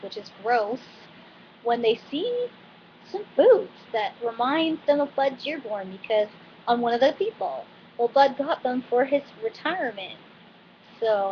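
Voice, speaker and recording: A woman giving a casual, chatty recap of a TV episode, talking with animated asides and frequent fillers. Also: on the high side. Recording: dull lo-fi recording with faint noise.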